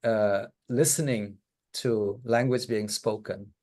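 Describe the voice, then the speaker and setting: A man speaking as guest on language teaching in a casual online discussion, relaxed and thinking aloud with many fillers. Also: on the low side, slow pace. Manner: relaxed, frequent "yeah" and "you know", thinks aloud.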